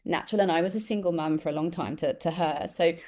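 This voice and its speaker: A woman, a guest who tells lively stories and acts out the voices of the people she quotes. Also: on the low side, fast talker. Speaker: interview guest, empathy expert. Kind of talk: conversational storytelling.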